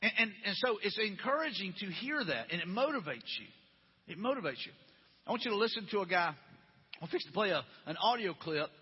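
A pastor preaches conversationally, firing repetitive rhetorical questions at his listeners one after another. His voice is high, sing-song, and brisk with a breathy edge. The lo-fi recording is dull, with a long hall reverb.

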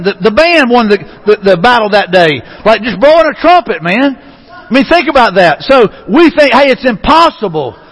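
A high-voiced man preaches with a husky, slightly breathy tone, pressing his points with fervent emphasis before dropping to softer appeals. His words ring out in a church hall with a long, trailing reverb. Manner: fervent, rising and falling delivery with restarts. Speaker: pastor. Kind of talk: sermon.

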